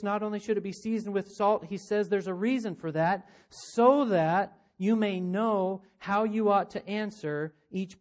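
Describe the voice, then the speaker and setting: A man delivers a sermon in a high, light voice. He preaches earnestly, asking his listeners rhetorical questions and slipping into the voices of imagined people. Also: darkish tone. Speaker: pastor.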